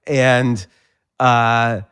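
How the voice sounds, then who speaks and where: Male interview host, smooth clear voice, thoughtful and halting. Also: medium pitch, level tone, a bit bright. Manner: thoughtful, halting, restarts while reasoning aloud. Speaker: podcast host. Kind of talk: casual interview chat.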